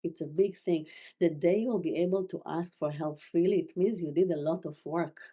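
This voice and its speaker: A woman teaching a masterclass, speaking gently with halting, non-native phrasing and frequent restarts. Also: fairly low pitch. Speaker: spiritual teacher. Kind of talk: masterclass talk.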